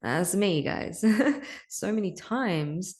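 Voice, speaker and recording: A woman's voice: on the low side, drawn-out words. A young adult woman hosting a podcast, talking candidly and emotionally about her spiritual path, swearing casually and laughing often. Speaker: podcast host.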